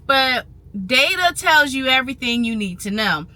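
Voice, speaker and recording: A woman talks casually to her viewers in a vlog. Her voice is slightly high and bright, with a forceful edge. She is animated and chatty and repeats phrases for emphasis. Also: normal speed. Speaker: vlogger on trading and finance. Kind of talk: casual talk to camera.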